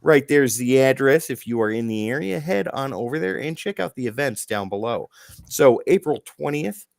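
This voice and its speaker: A man's voice: mid-range voice, expressive, moderate pace, vocal fry, no echo, clean studio sound. A man co-hosting a comic book podcast, joking with his co-hosts and reading sponsor spots in a showman-like way. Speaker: podcast co-host. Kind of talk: casual chat and sponsor reads.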